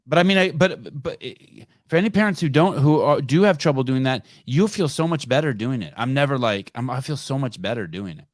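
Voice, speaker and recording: A man's voice: medium pitch, animated, brisk, hardly any pauses, no echo, clean studio sound. A middle-aged man hosting a podcast, telling stories in a profane, rambling casual chat. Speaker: podcast host.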